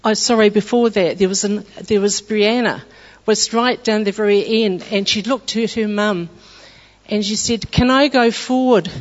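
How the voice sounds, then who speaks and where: A woman giving an earnest church testimony, retelling events in a halting way with restarts. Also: medium pitch, steady tone. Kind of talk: testimony storytelling. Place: church hall. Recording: dull lo-fi with long hall reverb.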